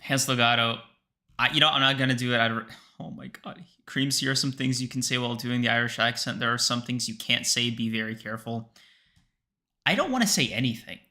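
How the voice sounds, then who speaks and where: A man's voice: mid-range voice, brisk, pushed and bright. A young man co-hosting a casual podcast livestream, exasperated and swearing often as he protests. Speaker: podcast co-host.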